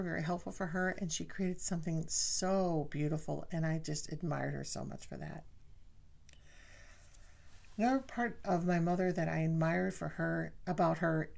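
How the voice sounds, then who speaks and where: A middle-aged woman with a deep, gravelly, darkish voice tells personal family stories. She's chatty, laughs often, and speaks straight to her listeners.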